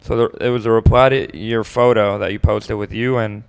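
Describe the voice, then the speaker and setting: A man co-hosting a comedy podcast, chatting casually in a deadpan way and reading messages aloud. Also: lowish voice, moderate pace, creaky, clean tone. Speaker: podcast co-host. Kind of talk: casual banter.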